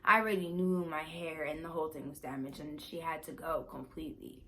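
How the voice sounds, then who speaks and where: A young woman vlogger telling a personal story in a casual, animated, emphatic way. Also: low voice, fairly quick.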